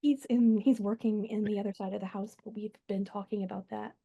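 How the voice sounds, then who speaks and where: A woman's voice: medium pitch, steady tone, fairly quick, creaky, warm tone, highs cut off. A young woman, the client of a spirit medium, speaking chattily and emotionally. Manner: chatty, emotional, laughs often.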